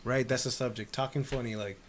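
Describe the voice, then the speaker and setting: A man's voice: medium pitch, fairly even intonation, brisk. A man chatting casually on a podcast in a laid-back, joking way. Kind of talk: casual comedic chat. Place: podcast studio.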